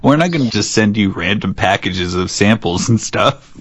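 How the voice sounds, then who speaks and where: A man co-hosting a podcast in casual chat, with a dry, deadpan way of joking. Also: fairly low pitch, moderate pace, slight background noise. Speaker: podcast co-host.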